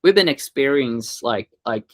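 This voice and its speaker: A young adult man from Sweden, a guest musician in a casual interview, talking in halting bursts with many fillers and restarts. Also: medium pitch, lively intonation.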